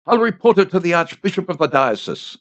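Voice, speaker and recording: A man's voice: high-pitched, sing-song, fairly quick, no room sound. A man voicing a stern, angry village priest who scolds and threatens in a storybook reading. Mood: scolding. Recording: dry, slightly dull home studio.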